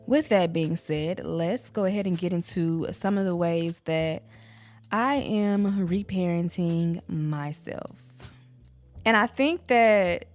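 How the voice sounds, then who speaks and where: A woman and mother talking candidly about her own healing, in a casual, rambling way with many "like" fillers. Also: mid-range voice. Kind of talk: candid personal talk to camera.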